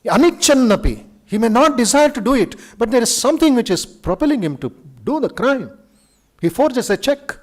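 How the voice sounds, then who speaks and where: A monk with an Indian English accent giving a lively spiritual lecture to students in a university auditorium, telling stories with dramatic flair. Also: male voice, very high-pitched, moderate pace. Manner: animated storyteller, acts out quoted speech, chuckles.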